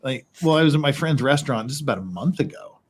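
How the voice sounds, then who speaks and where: Male host, relaxed rambling chat, mid pitch, salty humor. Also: fast, a little hiss or hum. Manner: rambling storyteller, swears freely, laughs often. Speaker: livestream host. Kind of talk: casual chat. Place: his house in Korea.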